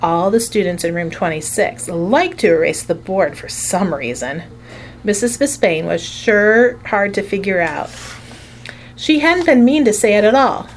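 A woman reading a children's storybook aloud in an expressive storytelling way. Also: mid-range voice, measured pace, slight background noise. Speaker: narrator. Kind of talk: audiobook narration.

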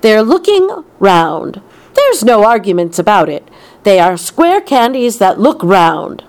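A woman voicing a brisk, bossy, eccentric man in a storybook reading, emphatic and chirpy. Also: mid-range voice, big pitch swings, pitched above the performer's own voice.

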